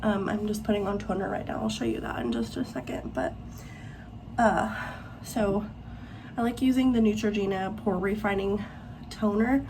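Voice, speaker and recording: Out of breath and animated, a young woman from Missouri in her twenties rambles through a casual home vlog at normal speed, full of fillers. Her mid-range voice is caught by a phone set in a bathroom cabinet, with background noise.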